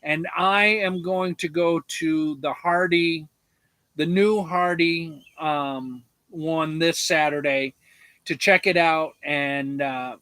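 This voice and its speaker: A man from Arkansas chats slowly and easily on a homestead livestream, joking with the viewers and pausing on fillers. His voice is high and bright, recorded dry and close. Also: steady tone, clean tone, no echo. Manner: easygoing, joking, with fillers and restarts. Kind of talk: casual livestream chat.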